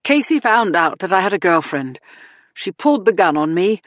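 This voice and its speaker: A woman's voice: sing-song, normal speed, no room sound, lo-fi sound. Casting: woman narrator voicing a defensive celebrity husband under questioning, sputtering and tearful, dry close sound. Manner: sputtering, pleading, raised pitch. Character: slick male celebrity suspect, defensive, tearful.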